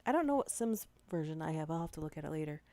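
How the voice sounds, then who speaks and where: A woman streamer who reads stories aloud to her live chat and talks softly because she is close to the microphone. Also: sits low, sing-song, racing, dry recording. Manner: soft-spoken, close to the mic.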